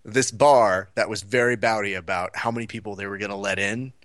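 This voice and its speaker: Speaking a little fast in a lowish voice, this man co-hosts a podcast and animatedly acts out the people in his story during casual chat. The sound is dry and studio quality.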